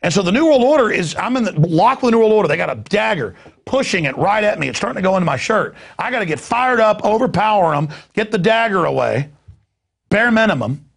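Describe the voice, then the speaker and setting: Middle-aged male talk host, husky rasp, stammering, fired-up delivery. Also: high-pitched, very animated, quick pace, a bit bright. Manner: impassioned, indignant, stammering repeats. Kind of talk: heated talk radio rant.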